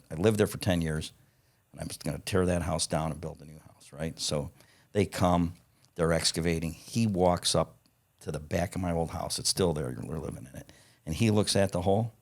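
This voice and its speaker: A man's voice: low voice, gravelly, darkish tone. A man in his fifties, a podcast guest telling stories from his working life in a blunt, profane way, acting out quoted dialogue and chuckling between lines. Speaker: podcast guest, parts company founder. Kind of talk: casual anecdotal storytelling.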